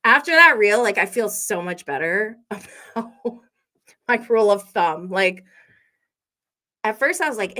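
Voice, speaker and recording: A woman's voice: mid-range voice, a bit bright. An American woman hosting a casual reality TV recap, chatty and opinionated, with frequent fillers and laughter. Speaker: host.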